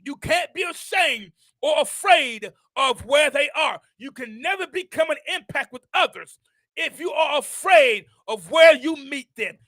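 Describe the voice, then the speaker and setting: An older man hosting a show, preaching a motivational message with impassioned repetition that rises into shouts. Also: very high voice, no room sound. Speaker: host.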